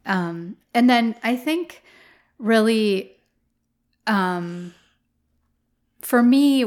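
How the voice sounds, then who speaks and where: A woman flower farmer talking through her thoughts in a casual interview, rambling with many fillers. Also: lowish voice.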